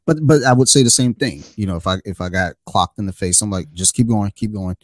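A man with a low, deep voice hosts a podcast in relaxed conversation. He tells self-deprecating stories in an easygoing way. The sound is dry and close, with no room echo. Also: brisk. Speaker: podcast host. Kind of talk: casual chat.

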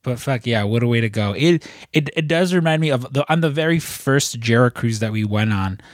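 A young man co-hosts a podcast in loose, profane chat, piling up fillers as he tells stories. His voice sits in a middle pitch and the recording is dry and close, with no room sound. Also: lively intonation, fairly quick, no echo. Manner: rambling, profane storytelling with frequent fillers. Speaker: podcast co-host. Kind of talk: casual chat.

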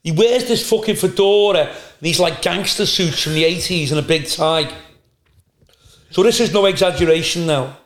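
A male stand-up comedian telling profane, animated anecdotes in a casual podcast chat. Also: on the high side, moderate pace. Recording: roomy echo.

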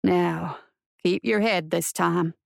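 A woman's voice: on the low side, fairly even intonation, slow, gravelly, no echo, pitched below the performer's own voice, exaggerated voice. A woman voicing a weary male frontier marshal who mutters dryly to himself. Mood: wry. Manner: dry, sardonic muttering.

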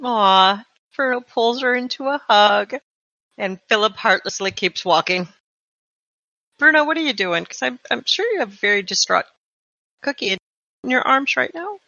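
A woman's voice: a little high, animated, moderate pace, pauses often, sharp tone, no room sound, lo-fi sound. A woman game master narrating and asking her players about their actions. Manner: checks actions, asks players questions.

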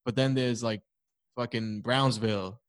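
A man's voice: mid-range voice, a little slow, smooth, no room sound. Slangy New man telling stories. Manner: swears freely, slangy, animated storyteller. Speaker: podcast co-host. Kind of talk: casual chat.

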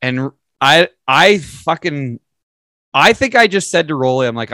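A man's voice: fairly high pitch, animated, unhurried, sharp tone, no room sound. Man, casual profane storytelling, laid-back, dry close mic.

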